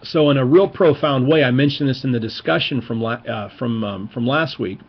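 A man's voice: mid-range voice, moderate pace, husky, highs cut off. A man giving an informal, enthusiastic Bible teaching lecture, stressing key words as he explains.

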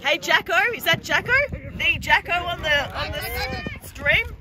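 High-voiced woman calling a match outdoors. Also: measured pace. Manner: excited, chatty, laughs easily. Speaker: sideline commentator for an amateur match. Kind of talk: casual live sports commentary. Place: outdoors at a sports field sideline. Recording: outdoor sideline with crowd noise. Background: spectators cheering and chatting.

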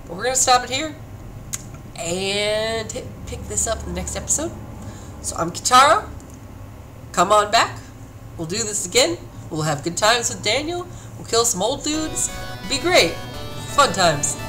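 A man giving let's play commentary as a gaming YouTuber, talking to himself with jumpy, excitable exclamations. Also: sits high, a little slow, pauses often, music in the background. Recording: noisy home recording.

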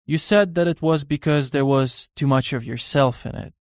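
A man voicing a witty, cynical young aristocrat in an audiobook, talking in a lively and amused way. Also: medium pitch, normal speed, dry recording, clean studio sound, natural voice.

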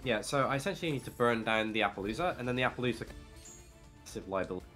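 A man playing a card game and commentating on it, explaining plays in a quick, matter-of-fact way. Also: medium pitch, animated, fairly bright tone. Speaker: player commentating his own card game match. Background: faint background music.

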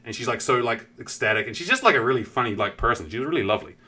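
A man's voice: mid-range voice, expressive, racing, pushed and bright. A man streaming and chatting casually, rambling with lots of fillers and swearing while acting out what people said. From New Zealand. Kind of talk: casual chat.

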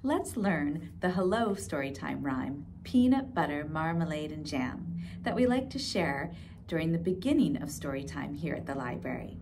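A woman's voice: low-pitched, normal speed, vocal fry, background noise. Sing-song woman leading a children's rhyme. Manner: animated, sing-song, coaxing voice for small children. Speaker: children's librarian.

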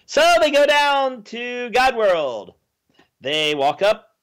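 A man hosts a casual movie review chat, sarcastic and scornful of the plot. His voice sits high for a man. He keeps mocking the characters as he goes. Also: lively intonation, takes it slowly, a bit bright. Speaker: podcast host.

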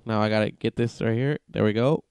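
A young man commentating his own wrestling video game, excitable and joking, swearing often. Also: on the low side, a little fast. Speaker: gaming channel host. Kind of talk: casual gameplay commentary.

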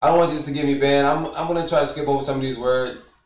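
A man streaming, reading texts aloud and commenting in an emphatic, animated way, often repeating his points. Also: medium pitch, fast, recorded from a distance. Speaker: streamer reacting to news. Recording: roomy, away from the mic.

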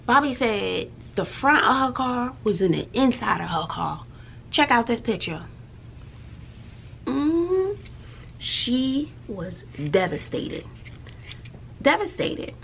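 A woman, a teacher and mother chatting in a vlog, animated and dramatic, with hushed asides. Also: on the high side, slow, creaky, pauses often, slight background noise. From Texas. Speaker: schoolteacher and mother. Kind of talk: casual chatty vlog storytelling.

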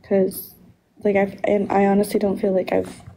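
Teary young woman, flat and gravelly. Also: medium pitch, slight background noise, low-quality recording. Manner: soft, halting, teary. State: tearful. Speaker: livestreamer. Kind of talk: emotional livestream chat.

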